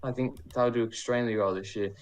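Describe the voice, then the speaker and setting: A man's voice: medium pitch, steady tone, fast. A man co-hosting a casual podcast, easygoing and rambling, often correcting himself. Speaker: podcast co-host giving predictions.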